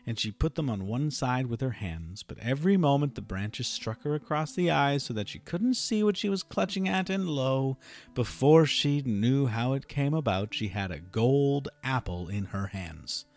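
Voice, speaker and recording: A male storyteller reading a folk fairy tale aloud in an expressive, measured way. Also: medium pitch.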